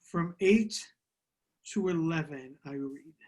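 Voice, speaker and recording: A man's voice: fairly high pitch, slow pace. A man interpreting a church class and reading scripture aloud, careful and hesitant, with many fillers, over a video call.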